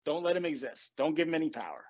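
A man's voice: fairly high pitch, sing-song, fast. A man hosting a casual podcast as a coach, talking bluntly with tough love and swearing. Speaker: podcast host and manifestation coach. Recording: dull lo-fi recording, dry.

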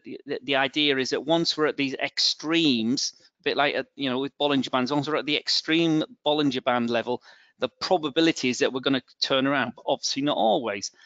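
A man's voice: mid-range voice, fairly bright tone, no room sound. A middle-aged man with a northern English accent presenting a live trading webinar, hesitant and full of fillers and restarts. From England. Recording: dull, dry, lo-fi webinar audio.

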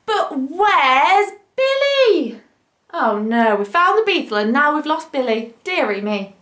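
A woman voicing a worried little girl in a storybook, asking plaintive, drawn-out questions in a roomy space. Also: sits high, sing-song, fairly bright tone, heavily acted. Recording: roomy echo.

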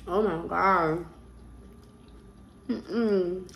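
A woman's voice: lowish voice, fairly even intonation, drawn-out words, gravelly, echoey room, slight background noise, poor audio. A woman cooking in her home kitchen, chatting casually to viewers and humming as she goes. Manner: chatty, talks to viewers as "y'all", hums while cooking. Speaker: cooking vlogger. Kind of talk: casual cooking vlog talk.

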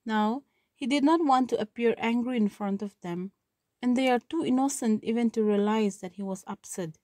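A woman's voice: on the high side, moderate pace, dark tone, no echo. A woman teacher who reads a story passage aloud, then paraphrases and explains it, checking with "okay". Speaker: literature teacher.

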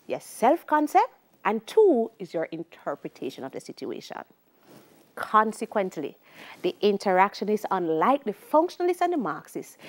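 A middle-aged woman with a Jamaican accent gives an exam-prep sociology lecture in a high voice. She keeps it lively, drilling key terms and slipping into patois for classroom stories. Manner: lively, shifts into patois for anecdotes. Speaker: sociology teacher.

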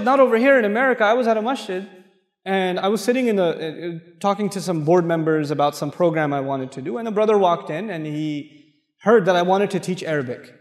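A man from Pakistan giving an animated, humorous sermon, telling stories to a mosque audience. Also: high voice. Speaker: Islamic lecturer. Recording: echoey hall with long reverb.

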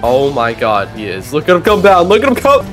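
A young man narrating his gameplay in a loud, excitable, trash-talking way, full of slang. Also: a little high, fairly quick. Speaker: gaming video creator. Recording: game music underneath.

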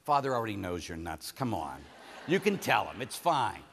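A man, a priest, giving a conference sermon and telling stories lively, acting out the people he quotes. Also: on the low side, normal speed, gravelly, a little hiss or hum. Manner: animated storytelling, acts out the people he quotes. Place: large conference hall. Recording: hall reverb from a venue PA.

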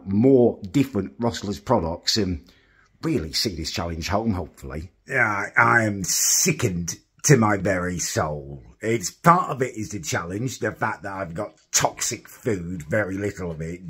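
A man's voice: low voice, fairly bright tone, husky. A young man vlogging casually, telling stories in a wry, grumbling, exasperated way. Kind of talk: casual vlog chat.

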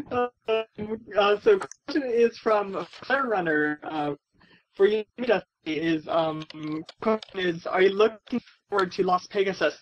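An eager male co-host with a high voice, reading fan questions on a casual show. He stumbles a bit over his words and giggles easily. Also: slow, lo-fi sound.

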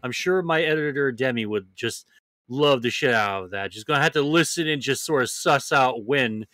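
A man's voice: medium pitch, moderate pace, dry recording. A man hosting a podcast, joking his way loosely through casual introductions. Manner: loose, jokey, lively introductions. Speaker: podcast host. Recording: dry close mic with faint music behind.

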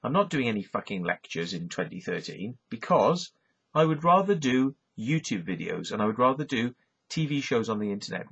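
Middle-aged Welsh man, husky combative ranter, dull lo-fi vlog audio, swears constantly. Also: medium pitch, fairly bright tone. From Wales. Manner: sweary, combative, repeats "right?" and "yeah?". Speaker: YouTube vlogger. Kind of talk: profane ranting monologue. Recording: dull lo-fi recording.

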